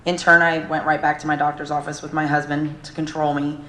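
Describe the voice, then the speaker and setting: A woman's voice: deep voice, flat delivery, fairly quick, pushed and bright. A middle-aged woman giving an emotional gala speech as a charity founder, earnest, with nervous fillers. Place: large hotel ballroom. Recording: echoey event hall, faint room noise.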